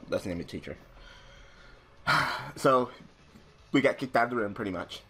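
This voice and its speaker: A young man giving casual gameplay commentary, swearing and ranting in exasperation, swinging between mumbled asides and loud outbursts. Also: medium pitch, lively intonation, moderate pace. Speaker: gaming channel host.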